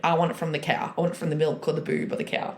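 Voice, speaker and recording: A woman's voice: sits low, little pitch movement, racing. Chatty young woman, roomy sound. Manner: chatty, candid, laughs through stories. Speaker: podcast guest. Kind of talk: casual chat. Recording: roomy echoey recording.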